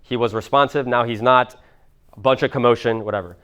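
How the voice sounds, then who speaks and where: A man's voice: mid-range voice, fairly even intonation, fairly quick, fairly bright tone, clean tone, dull audio. A man in his twenties telling a story at a seminar, casual and rambling, swearing now and then. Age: 20s. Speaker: motivational speaker.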